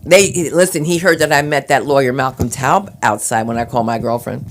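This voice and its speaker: With a rumbling low voice, a steady tone and a fairly quick pace, a New Jersey-accented comedian from New Jersey works an open-mic club stage. Her set is chatty stories punctuated by loud voiced impressions.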